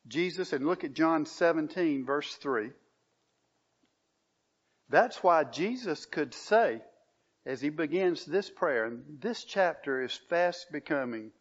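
A man preaching a sermon, reading scripture and pressing his points with emphatic rises in pitch. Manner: emphatic, rising on key phrases, reads scripture aloud. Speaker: pastor. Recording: dull lo-fi recording.

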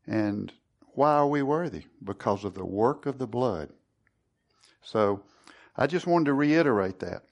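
A man's voice: mid-range voice, expressive, a little slow. A man leading a Bible study sermon, earnest and conversational, who often restarts and repeats words. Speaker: Bible teacher.

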